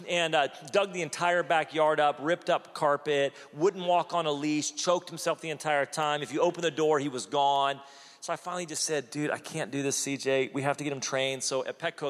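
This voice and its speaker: Guy pastor preaching, fairly high voice, big hall echo, acts out the stories. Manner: animated storytelling, acts out quotes. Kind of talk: sermon.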